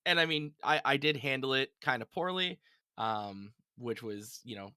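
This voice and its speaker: Rambling, bright-voiced storyteller man. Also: medium pitch, lively intonation, measured pace, clear, resonant tone, no room sound. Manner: rambling, self-deprecating storyteller with many fillers. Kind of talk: casual anecdote telling.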